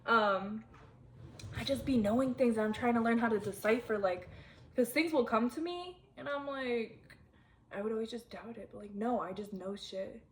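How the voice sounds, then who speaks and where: A woman's voice: on the high side, normal speed, a little hiss or hum. Chatty young woman, rambling vlog. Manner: rambling, frequent "like", candid and chatty. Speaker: vlogger. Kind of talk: casual confessional chat to camera.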